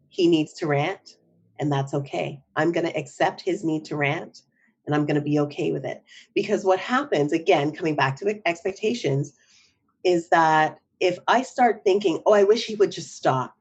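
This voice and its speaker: A woman's voice: sits low, moderate pace, a little mellow, husky, dull audio. A middle-aged woman, a psychotherapist, talking in a podcast interview in a reflective way, often checking in with "right?". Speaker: psychotherapist guest.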